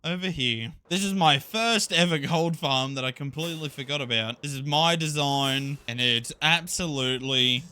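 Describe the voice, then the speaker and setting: A man giving casual, jokey commentary while playing a video game, thinking aloud and getting excited. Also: a little high, normal speed, few pauses, smooth. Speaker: Minecraft YouTuber.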